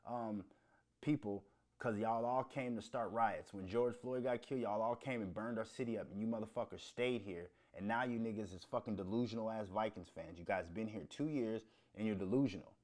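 A man's voice: on the low side, a little fast, darkish tone. A man from Minnesota hosting his own show, ranting about sports with heavy profanity and rising heat. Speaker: show host.

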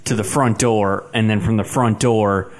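A man's voice: on the low side, steady tone, a little slow. A man co-hosting a podcast, answering in a casual chat with a dry, teasing manner. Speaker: podcast co-host.

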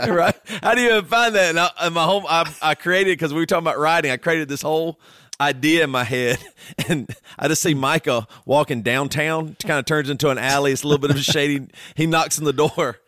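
A man's voice: fairly high pitch, dry recording, studio quality. A man chatting casually on a podcast, telling stories with lots of laughter and swearing. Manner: animated storyteller, laughs often, swears. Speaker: podcast host. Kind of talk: casual chat.

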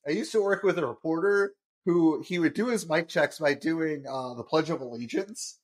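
Relaxed man recapping an episode. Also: fairly high pitch, moderate pace. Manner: relaxed, explanatory, lots of fillers. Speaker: podcast co-host. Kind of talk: casual chat recapping an episode.

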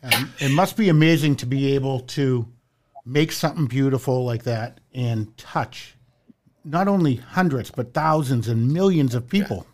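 A man's voice: mid-range voice, moderate pace, a little mellow, slight background noise. A male podcast co-host speaking in a thoughtful, appreciative way. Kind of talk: conversational podcast interview.

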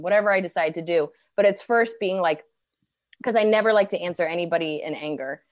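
A woman comedian chatting as a podcast guest, lively and laughing, acting out her own rants. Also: fairly low pitch, quick pace, dry recording, clean studio sound. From United States. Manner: animated, laughing, acts out rants. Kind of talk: casual podcast chat.

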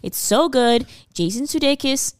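A woman's voice: high voice, expressive, a little slow, smooth, no room sound, studio quality. A young woman co-hosting a podcast in casual, playful chat, swearing freely and repeating lines for emphasis. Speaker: podcast co-host.

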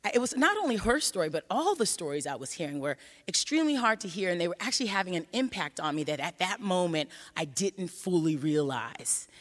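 A woman telling a personal story on stage in an animated way, acting out the voices she quotes. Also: lowish voice. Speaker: researcher giving a talk. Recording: hall reverb.

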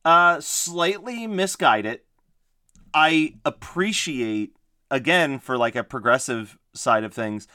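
Chatty laughing man, bright clear voice. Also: medium pitch, dry recording, clean studio sound. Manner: chatty, laughs often, many fillers. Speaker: podcast co-host. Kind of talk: casual chat.

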